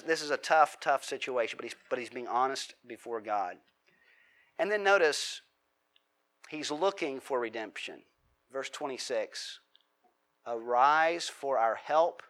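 A man's voice: medium pitch, fairly bright tone. A man preaching a sermon as a pastor, talking casually, asking the congregation questions and acting out heartfelt prayers.

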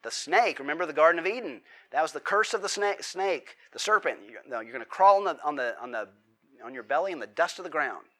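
A man's voice: fairly high pitch, lively intonation, quick pace, sharp tone. A man preaching a sermon as a pastor, talking casually, asking the congregation questions and acting out heartfelt prayers.

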